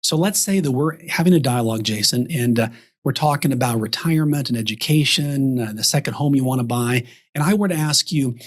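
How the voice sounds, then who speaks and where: A man's voice: mid-range voice, a little fast. A man from Texas, a guest on a podcast, coaching advisors by acting out example conversations. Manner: animated storyteller acting out example dialogues. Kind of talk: podcast interview talk.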